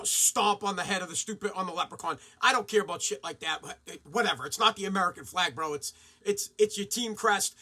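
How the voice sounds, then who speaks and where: A man hosting a podcast, ranting excitably and swearing freely in a casual style. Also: sits high. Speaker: podcast host.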